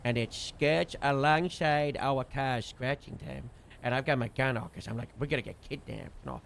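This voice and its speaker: A man casually recounting a role-play shift as a streamer, rambling with lots of fillers and animated bursts. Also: medium pitch, moderate pace, vocal fry, a little hiss or hum. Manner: rambling, full of "you know" and "like" fillers; animated retelling with sudden loud bursts. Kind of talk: casual storytelling recap.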